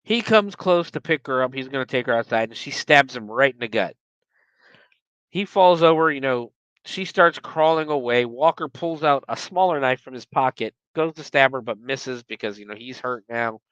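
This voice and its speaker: A podcast host whose casual recap swings widely up and down in pitch and keeps slipping into profane rants. The tone is bright and forceful, and the recording is close and dry with no room sound. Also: moderate pace, clean tone, no echo, lo-fi sound. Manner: animated, profane, ranting.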